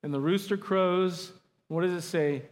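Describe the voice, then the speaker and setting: A man preaching a sermon, emphatic, slowing down to stress key words. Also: high-pitched. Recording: long hall reverb.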